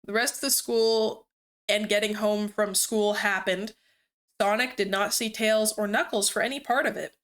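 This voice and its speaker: A woman's voice: mid-range voice, fairly even intonation, normal speed, a bit bright. Brief: young female streamer, amused storyteller reading fanfic. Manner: amused, breaks off to comment.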